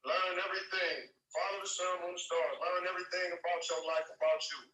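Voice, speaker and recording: High-voiced man preaching on a live stream. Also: little pitch movement, brisk, echoey room, distant mic, very noisy. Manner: repetitive, emphatic, street slang, addresses listeners as man and brother.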